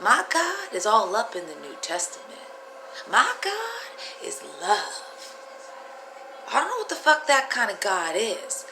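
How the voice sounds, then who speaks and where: A woman telling a rambling personal story in a casual vlog, animated and profane, laughing often. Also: a little high, unhurried, noisy background. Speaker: vlogger. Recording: roomy echo.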